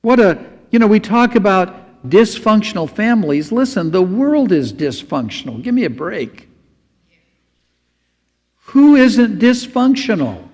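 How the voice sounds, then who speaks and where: A man's voice: high voice, big pitch swings, normal speed, hardly any pauses, in a large hall. A man preaching a sermon as pastor, earnest and pleading.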